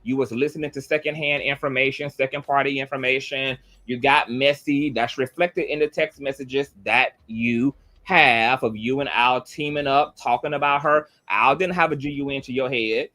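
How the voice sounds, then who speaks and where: A man's voice: mid-range voice, steady tone, normal speed, few pauses, pushed and bright. A man giving a heated, blunt commentary monologue, swearing freely and repeating his points for emphasis. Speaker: online commentator.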